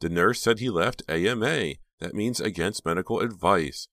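A man voicing an excitable teenage girl who talks breathlessly and impatiently. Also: deep voice, normal speed, no echo, clean studio sound, voice pushed up.

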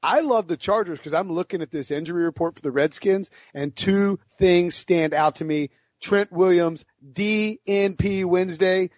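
A man hosting a casual sports betting podcast, talking in an excitable, gushing way. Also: high voice, moderate pace, few pauses, no echo. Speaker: podcast host. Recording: dry, slightly muffled podcast audio.

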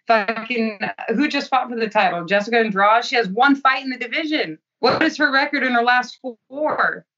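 A woman's voice: fairly high pitch, a bit bright, far from the mic, muffled recording. A woman fighter giving blunt, profane, self-assured interview answers.

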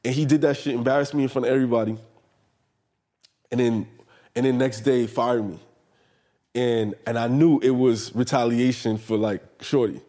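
A man's voice: medium pitch, moderate pace, long pauses. A man telling stories in a casual podcast chat, swearing freely and acting out the people he quotes. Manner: profane, animated storyteller, acts out quotes. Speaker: podcast guest.

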